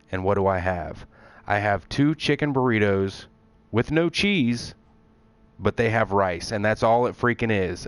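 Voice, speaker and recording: A man with a lowish voice tells a long story in a casual, exasperated way on his stream. He acts out both sides of the conversation. The sound is dry and close to the mic. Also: smooth, dry recording.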